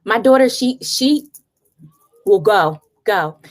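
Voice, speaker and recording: A woman's voice: medium pitch, animated, takes it slowly. A woman in her thirties, a guest therapist, telling earnest stories about parenting in a casual chat. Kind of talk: casual conversational interview.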